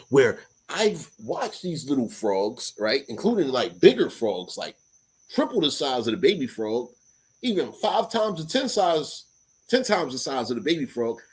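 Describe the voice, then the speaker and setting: A man's voice: medium pitch, sing-song, unhurried, husky, rough recording. A man in his forties with a New York accent, talking in a loose, profane casual chat full of street slang.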